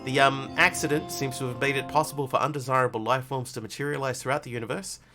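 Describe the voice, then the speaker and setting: A man's voice: mid-range voice, quick pace, over music. A man streaming a survival game, chatting casually and reading story text aloud with theatrical flair. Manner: animated, jumping between chatty asides and theatrical reading.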